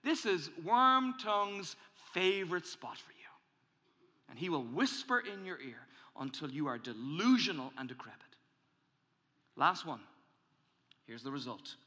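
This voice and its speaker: A male pastor preaching a sermon, animated and emphatic, acting out angry inner voices as he builds. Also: unhurried, pauses often. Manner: animated, acts out angry inner voices, rises in pitch and volume when emphatic. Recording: hall reverb.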